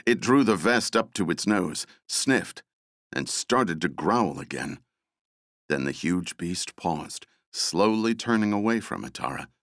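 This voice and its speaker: Deep, lively male audiobook narrator. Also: unhurried, dry recording, studio quality. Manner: dramatic, expressive storytelling. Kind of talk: scripted narration.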